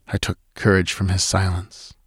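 A man reads a literary story aloud in a measured, somber first-person voice. His voice is low-pitched, and the recording is dry and close. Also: completely flat delivery, breathy edge, no room sound. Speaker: audiobook narrator. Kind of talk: scripted narration of a literary tale.

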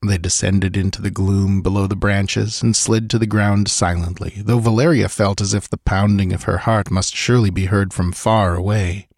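In a measured, steady way, a man with a fairly low voice narrates an audiobook. The recording is dry and close, with no room sound.

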